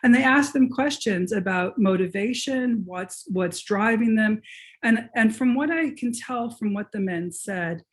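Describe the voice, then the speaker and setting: A woman's voice: a little high, a little slow. A woman author and professor answering questions in a virtual lecture, talking eagerly and restarting her sentences as she thinks aloud. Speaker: author and professor being interviewed. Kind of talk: conversational lecture Q&A. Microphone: video call.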